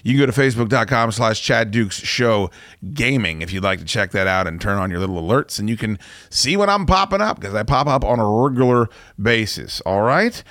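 A man's voice: fairly low pitch, very animated, brisk, a bit bright, no echo, clean studio sound. A man hosting a sports talk podcast, casually rambling and joking, with lots of fillers and restarts. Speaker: podcast host.

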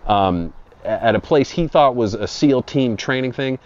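A man's voice: medium pitch, expressive, moderate pace, darkish tone. A man telling a rambling, profane comic story in an improvised monologue. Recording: dull lo-fi audio.

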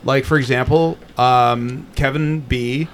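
A man's voice: mid-range voice, steady tone, slow, a little hiss or hum. A man hosting a podcast in casual banter, teasing his co-host and swearing often. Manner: crude, teasing, swears a lot.

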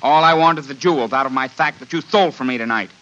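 An actor playing a soft-spoken, menacing gang leader with a faint lisp in a 1940s radio drama. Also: male voice, medium pitch, quick pace, slight background noise, lightly acted. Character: Lou the Lisper, menacing smooth gang leader. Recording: dull old radio broadcast.

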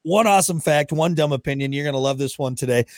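A man's voice: a little high, fast talker, a little hiss or hum. A man co-hosting a podcast, ranting bluntly and jokingly with lots of swearing in casual chat. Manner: blunt, profane, jokey ranting. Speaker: podcast co-host.

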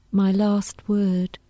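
A woman reading a first-person story aloud in a quiet, wry, deadpan manner. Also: medium pitch, no room sound. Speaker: narrator.

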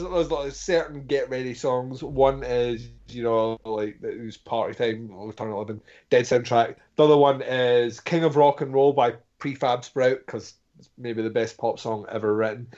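A man's voice: mid-range voice, fairly even intonation, a little mellow. Jokey man, muffled audio. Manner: rambling, jokey, quick to do voices. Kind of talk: casual podcast chat.

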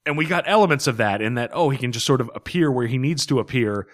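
Animated man in dry comics chat. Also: mid-range voice, no echo. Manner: animated, quick to laugh. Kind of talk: casual comic book review chat.

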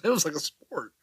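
A man with a high, very bright voice needles his friend with quick, teasing jabs. His laughter breaks in often, and his pitch moves widely. The sound is dry and close to the mic. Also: husky, no echo. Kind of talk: casual chat.

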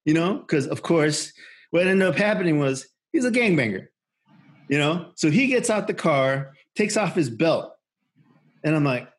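A man spins a long story for his podcast, in a husky, slightly high voice. He rambles, swears freely, and stumbles through restarts and fillers like "you know" and "right?". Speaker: podcast co-host. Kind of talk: casual storytelling.

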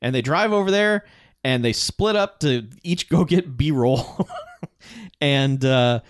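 A man retelling a film's plot in a loose, chatty way, his pitch swinging widely as he goes. The sound is dry and close, with no room around him. He laughs through the story often. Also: lively intonation, slow, clean tone, dry recording. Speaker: podcast co-host. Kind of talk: casual movie recap chat.

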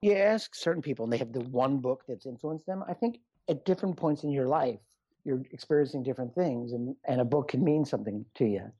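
A man's voice: medium pitch, a little fast, warm tone, breathy edge, dry recording. A middle-aged man, a doctor and author, chatting as a guest in a rambling, self-deprecating way. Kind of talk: casual interview chat. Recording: muffled lo-fi sound.

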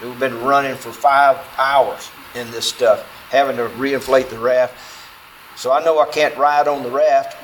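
A man recounts a true adventure to a group in an easygoing, folksy voice at an ordinary middle pitch. He slips into quoted dialogue and leans on fillers as he builds the tension. A faint hiss sits under the talk. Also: measured pace, rough recording. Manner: folksy, animated, acts out dialogue, filler-heavy. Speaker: storyteller speaking to an audience. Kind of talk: spoken true-story telling.

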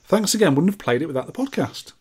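A slightly rough, a little high male voice moves quickly as this podcast co-host reads listener messages on a retro gaming show. His casual banter leans dry and teasing, with deadpan side remarks.

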